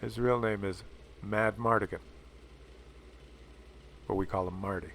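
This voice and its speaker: A man giving casual, animated commentary on gameplay, chatty and swearing freely. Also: fairly low pitch, a little slow, creaky, slight background noise. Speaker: gaming video commentator.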